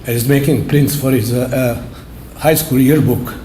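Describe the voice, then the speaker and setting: A man in his seventies giving an award acceptance speech, telling his story in plain, halting words with simple phrasing. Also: mid-range voice, steady tone, dark tone, a little hiss or hum. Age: 70s. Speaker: award honoree. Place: awards banquet hall. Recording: roomy hall echo.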